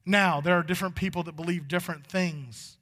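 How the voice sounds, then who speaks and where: A man's voice: high voice, fairly even intonation, brisk, a bit bright, in a large hall. A male pastor preaching a sermon in a church sanctuary. He talks in a folksy, conversational way that builds to fervent moments.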